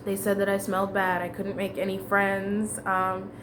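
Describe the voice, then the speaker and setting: A woman's voice: mid-range voice, level tone, brisk, few pauses, noisy background. A woman telling a long personal story in a casual, rambling way, with fillers and restarts.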